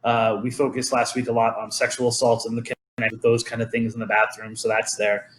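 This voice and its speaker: A man's voice: mid-range voice, completely flat delivery, a little fast. A man hosting a podcast, chatting casually and rambling through legends with many ums and restarts. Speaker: podcast host. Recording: roomy echo.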